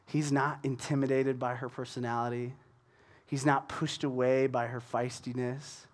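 A man giving a casual Bible teaching, animated as he retells the scripture in everyday words. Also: mid-range voice, moderate pace.

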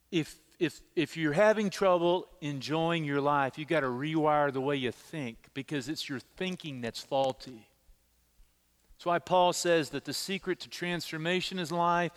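A middle-aged male pastor preaching a sermon, telling personal stories in an animated way and repeating words as he stresses them. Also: fairly high pitch, clear, resonant tone, big-room sound. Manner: animated storytelling, repeats words when emphasizing.

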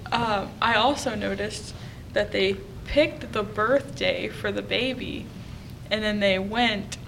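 A woman's voice: mid-range voice, slow pace, creaky, a bit bright, a little hiss or hum, rough recording. A young woman co-hosting a podcast in casual, playful chat, often laughing as she jokes. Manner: giggly, playful, joking. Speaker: podcast co-host.

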